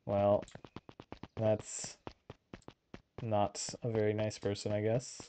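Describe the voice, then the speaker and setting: A man's voice: fairly low pitch, monotone, slow, long pauses, mellow, a little hiss or hum. A man giving casual, wry commentary while playing a video game. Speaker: let's-play host.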